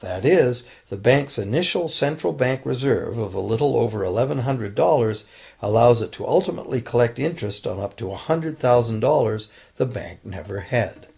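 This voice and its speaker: A man giving a calm, explanatory scripted narration for a documentary. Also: medium pitch, moderate pace, vocal fry, breathy edge. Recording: voice-over with faint music behind.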